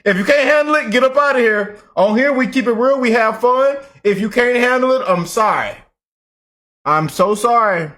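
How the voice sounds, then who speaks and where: A man hosting a casual reaction video, chatty and animated. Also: extremely high pitch, normal speed. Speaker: reaction host.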